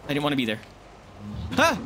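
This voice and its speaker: A man streaming a game and commenting live, excitable, yelping and swearing as he plays. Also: medium pitch, normal speed, background noise. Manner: excitable, yelps and swears mid-fight. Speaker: gaming streamer.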